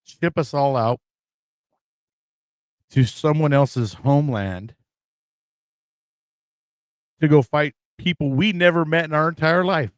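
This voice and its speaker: A man's voice: on the high side, clean tone, no room sound. Rambling man, dry sound. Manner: rambling, filler-heavy. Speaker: podcast host, Marine veteran. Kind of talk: casual reflective chat.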